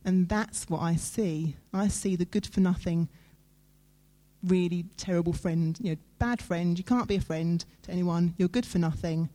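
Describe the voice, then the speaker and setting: A woman preaches in a warm, mellow voice. She talks to her listeners in an earnest, conversational way and leans on dramatic pauses. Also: on the low side. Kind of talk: sermon.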